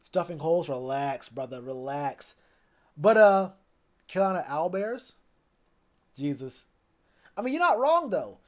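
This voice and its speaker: A man's voice: a little high, very animated, a little slow, long pauses. A man chatting loosely on a live stream about football, rambling with plenty of fillers. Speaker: sports streamer. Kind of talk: casual live stream chat.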